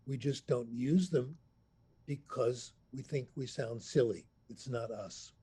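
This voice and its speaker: A man in his eighties, a language professor telling anecdotes in an unhurried, storytelling way on a remote video call. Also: mid-range voice, dark tone, slightly rough. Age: 80s. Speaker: language professor, interview guest. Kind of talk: storytelling interview answer. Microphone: computer mic on a video call.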